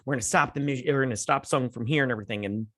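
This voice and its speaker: Man, show host, casual recap and review, sarcastic, mocking, mid-pitched voice. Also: fairly bright tone. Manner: sarcastic, mocking, paraphrases characters in quick put-on voices.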